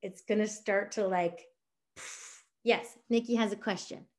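A woman teaching a sales class, chatty and animated, acting out little dialogues as she explains. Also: mid-range voice, a little slow. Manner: animated, acts out dialogue with big voices. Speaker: essential oil sales trainer.

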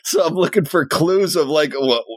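A man's voice: a little high, normal speed, no echo, studio quality. A man co-hosting a podcast, casually chatting about comics in a laid-back way. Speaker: podcast co-host. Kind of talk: casual comic book review chat.

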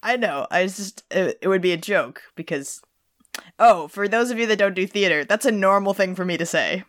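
A woman's voice: medium pitch, moderate pace. A young woman hosting a casual chat podcast, rambling with lots of fillers and restarts. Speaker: podcast host.

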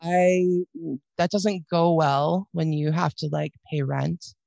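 Halting middle-aged woman telling her story. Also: on the low side, steady tone, vocal fry, mellow, no room sound, lo-fi sound. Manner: halting, with many restarts and dry wry asides. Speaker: guest sharing a personal story. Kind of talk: candid personal storytelling.

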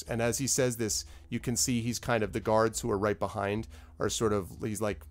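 A man's voice: lowish voice, level tone, normal speed, hardly any pauses. Man narrating a tabletop game. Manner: casual, laughing narration with fillers. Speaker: game master.

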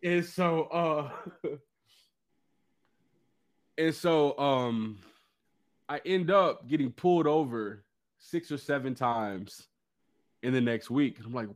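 A man telling a personal story in casual chat, animated and slangy. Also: mid-range voice, slow pace, pauses often. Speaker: guest.

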